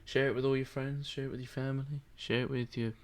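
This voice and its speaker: A man's voice: medium pitch, little pitch movement, fast talker. A tired man co-hosting a podcast, rambling and joking through a casual late-night chat. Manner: rambling, joking, laughs often. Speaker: podcast co-host.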